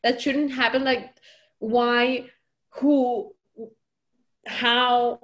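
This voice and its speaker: Young woman, pretty high voice, rambly giggly recap, lots of "like". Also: little pitch movement, extremely slow, a bit bright. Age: young adult. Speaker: podcast co-host. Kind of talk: casual chat.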